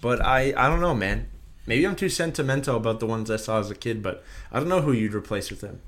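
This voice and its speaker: A man co-hosting a podcast in casual chat, relaxed and hedging his opinions with "like" and "I feel". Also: mid-range voice, fast talker. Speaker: podcast co-host.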